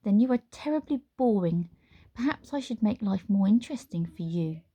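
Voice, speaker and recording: A woman voicing a sly, menacing witch in a storybook reading, with a smooth, sing-song, teasing manner. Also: mid-range voice, expressive, normal speed, mellow. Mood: silky menace.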